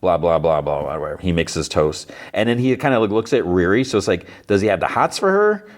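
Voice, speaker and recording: Deep-voiced man casually recapping a show. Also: very animated, quick pace. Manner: rambling, filler-heavy retelling of scenes. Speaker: podcast host.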